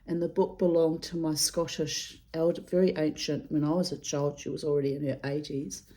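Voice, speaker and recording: A woman's voice: sits low, level tone, fairly quick, mellow. A woman doing her daily readings, talking in a rambling, digressive way, swearing freely and laughing often. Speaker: reader giving daily readings. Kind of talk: rambling casual monologue.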